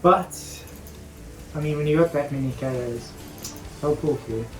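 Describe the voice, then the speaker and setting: Brief: joking, casual co-caster who swears easily, echoey room, music clearly audible underneath. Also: mid-range voice, unhurried. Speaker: co-commentator and player. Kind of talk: casual game commentary.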